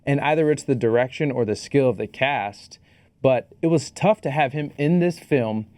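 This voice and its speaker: A man co-hosts a podcast in a loose, joking voice, with a pitch in the middle range for a man. The recording is dry and close, with no room sound. He keeps breaking off his thoughts with laughs and asides. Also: moderate pace, a little mellow, dry recording. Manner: laughing, jokey, trails off. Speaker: podcast co-host. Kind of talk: casual film discussion.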